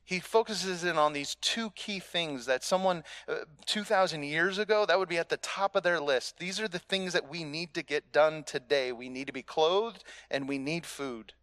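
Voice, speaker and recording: A man with a fairly high voice delivers a sermon in a relaxed, conversational way. He leans on rhetorical questions and repeats his key phrases for emphasis. The sound is close and dry, with almost no room echo. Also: moderate pace, hardly any pauses. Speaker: pastor.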